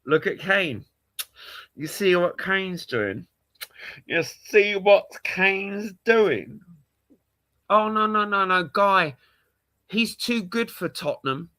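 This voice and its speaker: A man's voice: high-pitched, animated, slow, long pauses, bright, forceful tone, no room sound. A man with a London accent ranting on a casual livestream, exasperated and repetitive, swearing often. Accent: London English. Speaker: live streamer, football fan.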